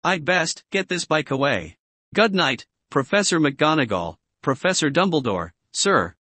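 A man voicing a huge, soft-hearted male giant who speaks with rough plain grammar and is quick to tears, in a dry, close recording. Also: on the high side, very animated, dry recording, heavily acted. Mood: muffled.

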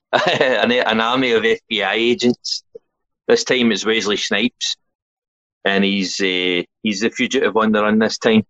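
A Scottish man with a lowish voice recaps films in an easygoing way on a casual podcast, laughing often. The sound is dry and a bit dull, with no room around it. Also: slow pace, sharp tone, no echo. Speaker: podcast co-host. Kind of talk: casual film-chat podcast.

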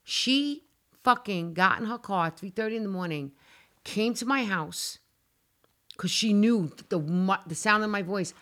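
On a casual talk show, an unhurried woman at medium pitch shares a frightening personal story. Her telling is animated and dramatic, with her own cries acted out and swearing mixed in.

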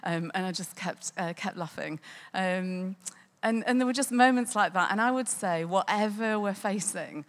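A woman's voice: medium pitch, normal speed. A woman tells a personal faith testimony, chatty and full of ums. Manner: conversational with frequent ums and laughter. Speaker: speaker sharing a testimony.

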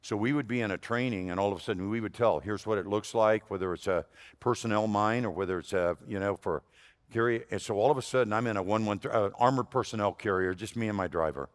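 A man preaching a sermon as an animated storyteller, jumping between loud punchlines and hushed asides. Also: on the low side, quick pace. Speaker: guest preacher. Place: church sanctuary. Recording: long reverb of a church hall.

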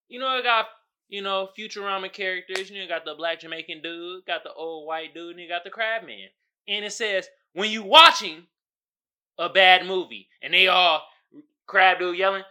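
A man hosting a casual solo podcast, riffing in an animated, exasperated way with lots of slang and laughter. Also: high-pitched. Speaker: podcast host.

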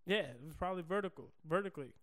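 A man with a somewhat high voice banters as a podcast co-host, teasing and quick to laugh. He sounds relaxed and playful. The recording is dry and close. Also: no room sound. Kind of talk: casual chat.

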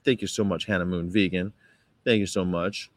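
Low-voiced man chatting on a livestream. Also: steady tone, moderate pace, dry recording. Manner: rambling, laughs often, reads chat and definitions aloud; mock-sweet high voice for quoted politeness. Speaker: vegan activist livestreamer. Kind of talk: casual livestream chat. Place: Chicago.

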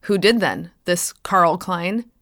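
A man's voice: high-pitched, slow, vocal fry, sharp tone, no echo, studio quality, exaggerated voice. A woman voicing a stern military officer who asks curt, probing questions. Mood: suspicious.

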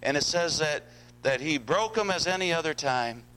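A man's voice: a little high, animated, normal speed, bright, forceful tone, smooth, rough recording. A man preaching a sermon, earnest, often repeating words and asking the congregation questions. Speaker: pastor.

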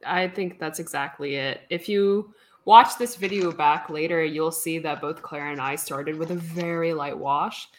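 A woman in casual chat while painting, relaxed and wry, reading out viewer comments. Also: deep voice, measured pace. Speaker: co-host.

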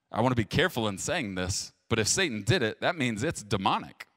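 A male pastor delivering a sermon straight to his viewers, with a lively voice that leaps up for emphasis and sinks low and quiet. His sound is close and dry, with no room around it. He talks plainly and directly. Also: a little fast, few pauses, no echo. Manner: emphatic, swinging from loud stresses to hushed low lines.

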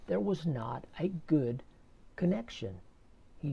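A man slowly telling a personal faith story in a casual, halting way, often repeating his words. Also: fairly high pitch, gravelly, darkish tone, muffled recording. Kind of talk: casual spoken testimony.

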